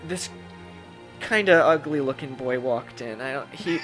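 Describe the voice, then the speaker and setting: A man's voice: medium pitch, measured pace, fairly bright tone, faint music behind, natural voice. A man voicing a lovesick young innkeeper woman who rambles and gossips about a bad date. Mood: gossipy.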